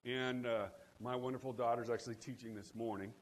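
A middle-aged man preaching a sermon, telling the story with lively asides and calling out to his congregation for responses. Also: mid-range voice, brisk, a little hiss or hum. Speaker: pastor.

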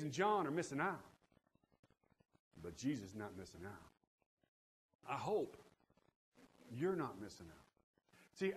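A middle-aged man preaching a sermon, telling the story with lively asides and calling out to his congregation for responses. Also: on the high side. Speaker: pastor.

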